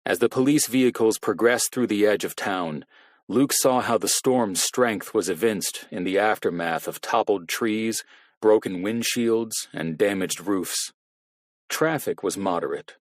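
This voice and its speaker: Rich: a male narrator reading a crime thriller in a measured, steady delivery. His voice sits low, and the recording is close and dry. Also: no echo. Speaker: audiobook narrator. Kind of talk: scripted narration.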